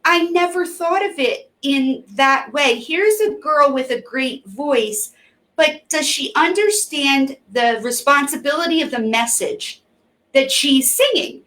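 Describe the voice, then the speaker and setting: A woman hosting a relaxed interview, circling around her questions with fillers and restarts. Her voice sits a little higher than most. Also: slow. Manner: warm, rambling questions with many fillers. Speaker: host. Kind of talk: casual interview chat.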